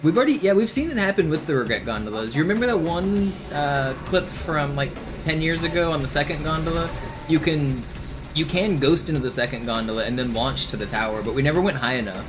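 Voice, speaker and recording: A man's voice: a little high, expressive, brisk. Rambling male speedrun streamer. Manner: rambling, thinking aloud, chatting with viewers. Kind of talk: casual live-stream commentary. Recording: voice over game audio with music.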